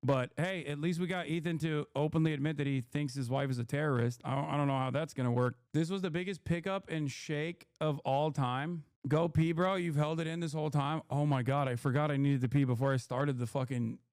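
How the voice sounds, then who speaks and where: A slightly hoarse man hosting a livestream, talking bluntly and profanely in casual, heated commentary. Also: fairly high pitch, brisk, few pauses, darkish tone, no room sound, studio quality. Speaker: livestream host.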